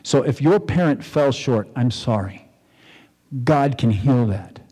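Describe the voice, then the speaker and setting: A man's voice: mid-range voice, animated, slow, dark tone, slightly rough. A man pastor preaching a sermon, retelling a story in a conversational way and acting out the quotes. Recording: long reverb in a large hall.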